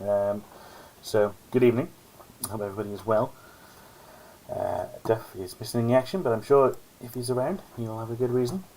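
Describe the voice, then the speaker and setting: A man's voice: mid-range voice, fairly quick, dark tone, slight background noise, low-quality recording. A man hosting a live-stream alone, chatting casually in a rambling, self-mocking way. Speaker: host. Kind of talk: solo live-stream commentary chat.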